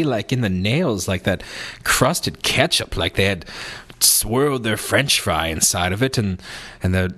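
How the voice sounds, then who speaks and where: Rambling, jokey man telling a story. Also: a bit bright. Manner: rambling and playful, many restarts; jokey, slips into a high silly voice. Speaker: podcast host. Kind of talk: casual monologue storytelling.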